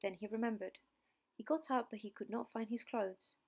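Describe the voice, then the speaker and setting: A woman narrating a fairy tale slowly and clearly for English learners. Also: on the high side, a little mellow. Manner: slow, deliberate reading. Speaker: audiobook narrator.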